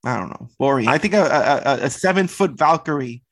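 A man's voice: medium pitch, animated, brisk. A man co-hosting a casual movie-review chat, bantering loosely and swearing. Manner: laid-back, profane banter. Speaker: podcast co-host.

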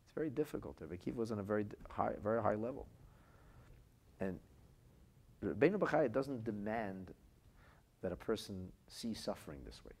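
A man giving a podcast Torah lecture, an expressive storyteller who moves from quiet to loud and weaves in Hebrew and Aramaic phrases. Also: on the low side, normal speed, vocal fry, long pauses, slightly rough. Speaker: Torah teacher.

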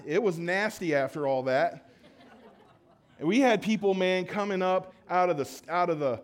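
A man preaching a casual sermon at a church service, joking with the crowd and restarting his sentences as he goes. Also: high voice. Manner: energetic, joking, audience call-and-response; conversational with frequent restarts.

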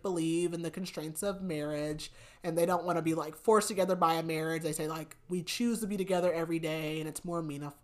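A woman hosting a podcast, giving a chatty book recap, laughing often and saying "like" a lot. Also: lowish voice. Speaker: podcast host.

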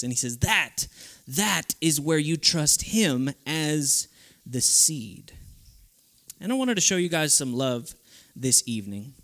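A man with a fairly high voice preaches at a youth camp. His delivery is animated, and he slips into the voices of the people he quotes. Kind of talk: sermon.

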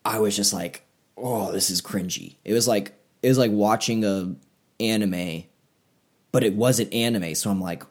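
A man's voice: fairly low pitch, normal speed. A man co-hosting a podcast, talking in a rambling, casual way with many fillers. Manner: rambling, filler-heavy, animated when mocking. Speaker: podcast co-host. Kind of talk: casual chat.

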